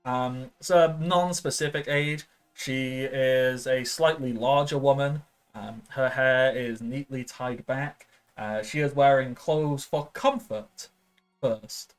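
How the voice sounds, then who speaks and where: A man's voice: mid-range voice, slow pace, smooth, faint music behind. A man as game master narrating a tabletop game, chatty and loose with many fillers.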